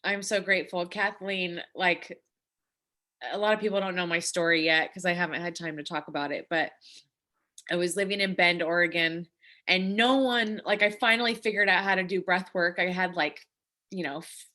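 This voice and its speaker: A woman leading a live online breathwork session talks with a bright, forward tone. She is effusive and grateful and keeps circling back and restarting mid-sentence. It has the sound of a video-call mic. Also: fairly low pitch, fairly even intonation, moderate pace. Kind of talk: emotional casual chat with participants.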